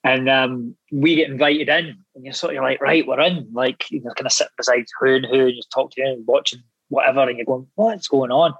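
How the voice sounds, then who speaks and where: A Scottish man in his thirties, an actor guest telling animated, sweary anecdotes with laughing asides in casual chat. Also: medium pitch, fast talker, husky, no echo, dull audio. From Scotland.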